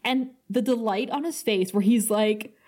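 Giggly lady podcaster retelling an episode, chatty and animated. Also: on the high side, moderate pace. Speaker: podcast host. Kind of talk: casual recap chat.

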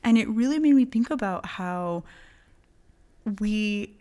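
A woman's voice: mid-range voice, animated, slow, mellow. An American woman co-hosting a podcast, telling stories in casual chat with a slight lisp. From United States. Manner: storytelling, emphatic. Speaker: podcast co-host.

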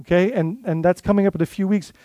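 A man's voice: high voice, steady tone, fast talker, dark tone, no echo. A male lead pastor preaching a sermon in a conversational way, full of rhetorical questions and restarts.

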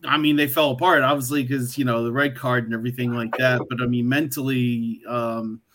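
A man with a mid-pitched, slightly worn voice talks in a loose, rambling way. He keeps restarting his sentences and padding them with fillers. It is an easygoing podcast chat. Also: flat delivery, fairly quick, background noise. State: losing his voice. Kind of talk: casual chat.

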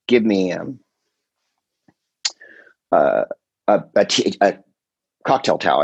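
Middle-aged male comedian, low husky voice, loose rambling podcast storyteller. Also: dry recording, poor audio. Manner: rambling, animated storytelling with quoted voices and swearing. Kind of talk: casual chat.

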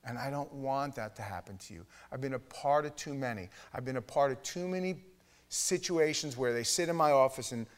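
A middle-aged man preaching a sermon in a Bible study, blunt and emphatic, with his voice swinging from loud to hushed. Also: mid-range voice, fairly quick. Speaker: pastor teaching a Bible study.

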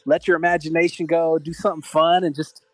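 A man's voice: a little high, little pitch movement, a little fast, no room sound, soft background music, poor audio. A man co-hosting a podcast, chatting casually and laughing often in easygoing banter. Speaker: podcast co-host.

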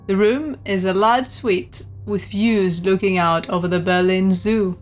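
A woman game master narrating a tabletop horror game in a descriptive, unhurried way. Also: mid-range voice. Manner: descriptive, unhurried, laughs between lines.

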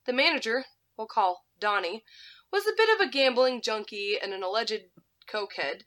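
High bright-voiced woman telling a wild work story, lots of laughing and swearing. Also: normal speed. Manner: animated, laughing, swearing freely. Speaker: podcast co-host. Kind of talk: casual storytelling chat.

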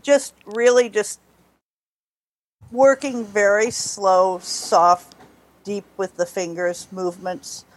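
A woman from New Jersey, a dog trainer, gives calm, explanatory interview answers over headphones on a remote call, often restarting her sentences. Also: medium pitch, takes it slowly, long pauses. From New Jersey, USA. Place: temporary room away from home.

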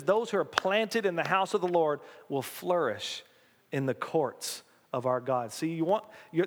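A man pastor delivers a folksy, animated sermon and calls on his congregation to answer back. His voice sits slightly high. It carries with a long reverb, as in a big church sanctuary. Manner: folksy, animated preaching with call-and-response.

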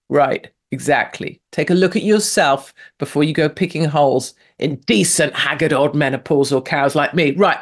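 A woman in her fifties from England, hosting a show with brash, sarcastic, mocking solo commentary. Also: low voice. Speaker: host.

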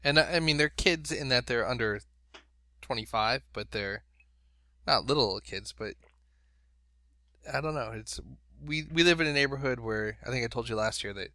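A middle-aged man co-hosting a casual chat, telling stories with animated energy. His tone is bright and forceful, and his voice sits mid-range. The sound is close and dry. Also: mid-range voice, moderate pace, no room sound. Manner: animated storyteller, laughing asides.

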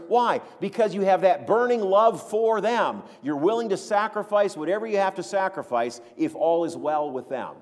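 An older male pastor delivers an earnest sermon in a fairly high voice. His delivery builds in force, then falls to a low hush. The sound carries a long hall reverb. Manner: earnest, swells louder then drops low.

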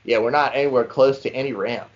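A man's voice: medium pitch, fast talker. Een jonge Amerikaanse man vertelt geanimeerd en informeel een verhaal aan zijn vrienden in een podcast. De opname klinkt een beetje dof en lo-fi. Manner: animated storyteller, says "dude" often. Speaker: podcast co-host. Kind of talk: casual chat, storytelling. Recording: slightly dull lo-fi sound.

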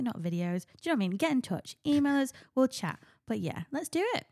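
A woman's voice: fairly high pitch, very animated, quick pace, few pauses, a little mellow, no echo, clean studio sound. A woman co-hosting a podcast, chatting in an upbeat, easygoing way. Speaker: podcast co-host. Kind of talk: casual chat.

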